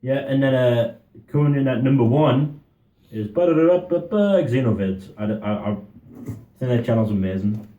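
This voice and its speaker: A man's voice: medium pitch, steady tone, moderate pace, dark tone, reverberant, dull audio. A young man chatting eagerly as co-host, repeating words as he talks. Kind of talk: casual chat.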